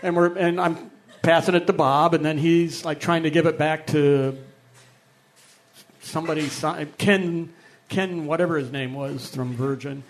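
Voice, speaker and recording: A man's voice: on the high side, steady tone, measured pace. A man from Ohio, a musician guest telling rambling anecdotes and chuckling as he goes. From Akron, Ohio, USA. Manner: rambling, chuckles through his stories. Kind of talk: anecdotal storytelling.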